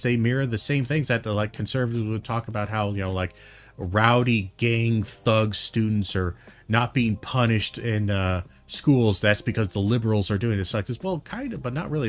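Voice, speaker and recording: A man giving casual, heated commentary on a video, rambling with many fillers and restarts. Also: mid-range voice.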